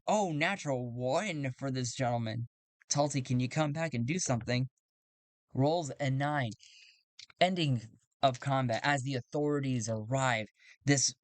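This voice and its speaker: A man narrating a solo tabletop game, thinking aloud and getting excited over dice rolls. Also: mid-range voice, no room sound. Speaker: solo game player and game master.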